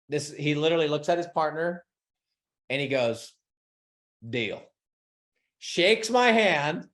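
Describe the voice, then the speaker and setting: A young man coaching his followers on business, telling a story in a casual, excitable way, swearing often and acting out what people said. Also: on the high side. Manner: excitable, swearing, animated retelling with voiced quotes.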